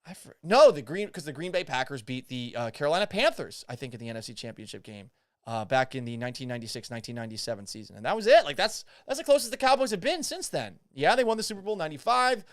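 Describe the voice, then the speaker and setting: A male sports talk host ranting with disbelief and the odd curse. His voice sits a little high and swings widely in pitch as he argues. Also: fast talker. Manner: animated, profane, incredulous. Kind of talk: casual sports talk rant. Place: Houston.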